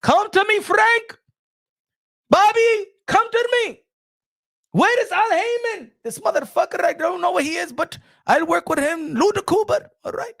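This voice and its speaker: A man putting on the voice of a brash, domineering boxing mogul who shouts and scolds. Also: a little slow, gravelly, exaggerated voice. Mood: boastful calling. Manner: shouting, high-pitched, scolding.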